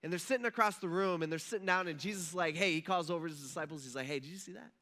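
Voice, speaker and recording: A pastor preaches to his church in a relaxed, chatty way. He tells the story like he is talking with friends and gives the people in it their own lines. His voice is a little high and very bright. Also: racing. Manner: casual, storytelling, acts out quotes. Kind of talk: sermon. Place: church auditorium.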